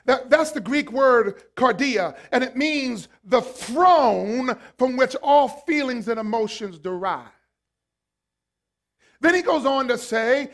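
A man preaching a sermon as a pastor, swinging from hushed lines to shouted ones. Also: very high-pitched, animated, slow.

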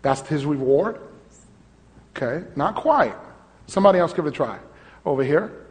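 Man preaching, high voice, wide swooping pitch, builds to shouts, reverberant church hall. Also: lively intonation, moderate pace. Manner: call-and-response preaching, swelling to shouts. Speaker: pastor. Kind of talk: sermon.

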